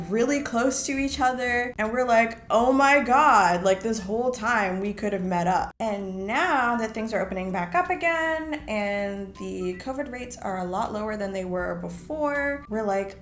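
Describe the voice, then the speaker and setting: A woman's voice: medium pitch, echoey room. Chatty young woman vlogging at home. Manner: chatty and playful, breaks into sing-song bits. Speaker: beauty vlogger. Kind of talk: casual get-ready-with-me chat. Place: home room.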